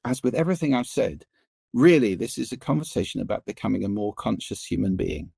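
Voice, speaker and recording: A middle-aged man, a podcast guest, explaining listening and voice in an animated, expressive way that shifts pace and pitch for emphasis. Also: brisk, gravelly, breathy edge, no room sound. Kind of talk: interview conversation.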